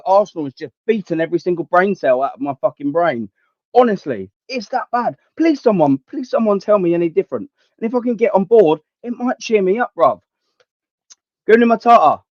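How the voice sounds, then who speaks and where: A man's voice: high voice, no room sound. A young man hosts a livestream, ranting bluntly and swearing as he talks with his viewers. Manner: blunt, sweary, slangy and heated. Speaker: livestream host. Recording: dull, dry lo-fi stream audio.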